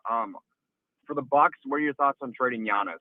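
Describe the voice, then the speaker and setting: Fast-talking male caller on a muffled line. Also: mid-range voice, no echo. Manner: hesitant, stumbling. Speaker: first-time caller. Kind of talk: casual radio phone call. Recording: dull lo-fi phone line.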